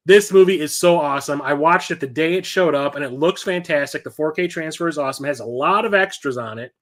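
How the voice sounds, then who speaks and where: A middle-aged man chatting casually about his new movie purchases, rambling and enthusiastic. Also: on the high side. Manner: enthusiastic and rambling, quoting movie lines with laughs. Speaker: host of a physical media collection show.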